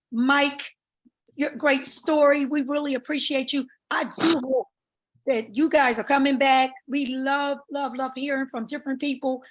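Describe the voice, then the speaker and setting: Woman, losing her voice, high-pitched, chatty, rambling, casual call talk. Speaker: network marketing leader.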